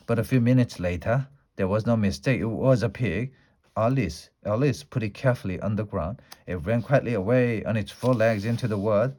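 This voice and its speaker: A man's voice: lowish voice, mellow. Man reading a storybook aloud. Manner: unhurried reading with occasional fillers and restarts.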